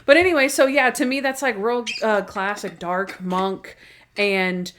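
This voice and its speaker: A woman's voice: medium pitch, fairly even intonation, measured pace, a bit bright. A woman co-hosting a podcast in casual chat, eager and full of fillers. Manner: chatty, many fillers, eager. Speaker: podcast co-host.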